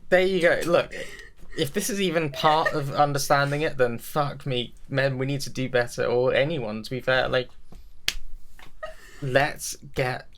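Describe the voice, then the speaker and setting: A man's voice: medium pitch, fairly even intonation, a little slow, a bit bright, a little hiss or hum. A young man co-hosting a podcast, talking in a casual, rambling and enthusiastic way, often laughing at himself. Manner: rambling, enthusiastic, self-mocking. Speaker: podcast co-host.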